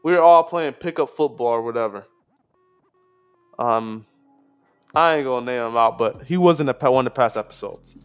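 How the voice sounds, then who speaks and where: A man's voice: mid-range voice, moderate pace, long pauses, smooth, faint music behind. A man co-hosting a podcast in casual chat, rambling with lots of fillers, restarts and swearing. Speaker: podcast co-host.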